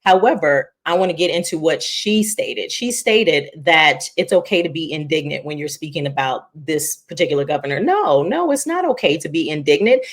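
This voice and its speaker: A woman's voice: low voice, expressive, moderate pace, few pauses. A woman hosting a casual online commentary, reacting with indignant, emphatic exasperation. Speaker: commentary host.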